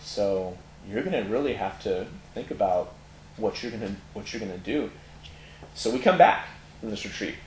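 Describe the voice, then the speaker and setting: A middle-aged man with a Californian accent tells his story candidly in an interview, his low voice full of ums and restarts. The room is echoey, with a faint hiss behind him. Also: expressive, normal speed, darkish tone. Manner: candid storytelling with many fillers. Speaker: interview guest, tattoo parlor owner. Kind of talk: personal testimony in conversation.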